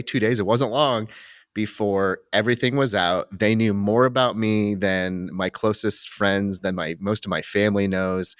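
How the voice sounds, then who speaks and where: A man hosting a podcast, talking in a relaxed and reflective way, with frequent restarts and fillers. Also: low-pitched, no echo, studio quality. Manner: reflective, rambling with many restarts. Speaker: podcast host. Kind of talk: casual conversational interview.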